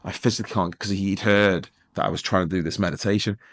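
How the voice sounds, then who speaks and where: A middle-aged man from England with a deep, low voice tells his story at a rapid clip. He rambles, restarts his sentences, and drops jokes into serious moments. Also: fairly even intonation, a bit bright. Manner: rambling, self-interrupting, joking. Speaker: guest. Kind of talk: storytelling interview.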